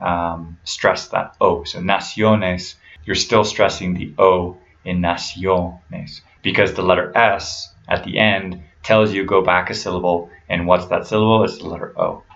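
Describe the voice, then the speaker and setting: A man teaching pronunciation rules patiently and methodically, slowing down to model each word. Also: deep voice, fairly bright tone, muffled recording. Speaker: language teacher.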